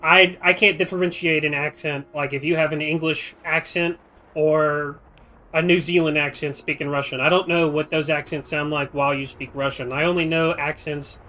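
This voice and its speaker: A man streaming a video game live, chatting and thinking out loud in a rambling, casual way. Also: fairly high pitch, flat delivery, moderate pace.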